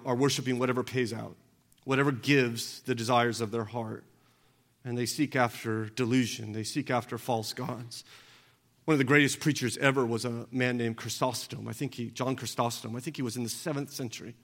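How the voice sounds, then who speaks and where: A pastor preaching a sermon in an earnest manner, now and then acting out quoted speech. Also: male voice, medium pitch, steady tone, fairly quick. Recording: long hall reverb.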